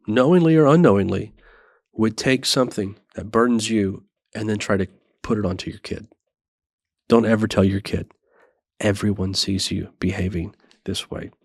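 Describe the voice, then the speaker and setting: A man in his thirties hosting a parenting show, talking in an earnest, measured and self-reflective way. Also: lowish voice, dry recording, studio quality. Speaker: parenting podcast host. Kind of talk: reflective monologue.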